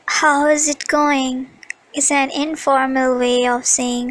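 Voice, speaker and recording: A woman narrating a scripted English lesson, explaining phrases slowly and carefully. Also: high-pitched, level tone, dry recording, poor audio. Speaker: English teacher.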